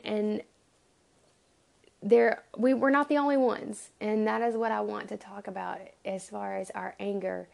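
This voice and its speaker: Earnest woman with a gravelly edge. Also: medium pitch, a little mellow. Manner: earnest, halting, acts out pleading prayers. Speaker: Bible study teacher. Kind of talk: devotional Bible teaching.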